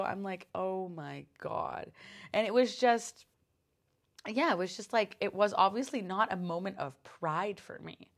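A woman hosting her own podcast, telling a personal story in a casual, animated way, with lots of swearing, fillers and restarts. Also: medium pitch, normal speed. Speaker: podcast host.

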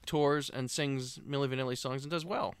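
A man's voice: medium pitch, steady tone, normal speed, smooth, dry recording. A man co-hosting a casual podcast, telling stories and tossing in dry, matter-of-fact quips. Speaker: podcast co-host. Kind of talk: casual chat.

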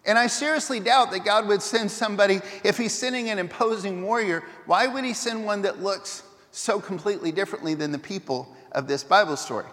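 A man preaching a sermon as pastor, retelling a story in an animated way and often restarting his sentences. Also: high voice, fairly quick, few pauses, in a large hall.

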